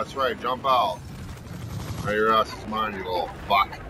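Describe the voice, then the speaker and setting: A man's voice: on the low side, moderate pace, long pauses. Trash-talking man over noisy game audio. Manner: aggressive, trash-talking, swearing constantly. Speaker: gaming video host. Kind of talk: profane gameplay commentary. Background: game sounds and vehicles.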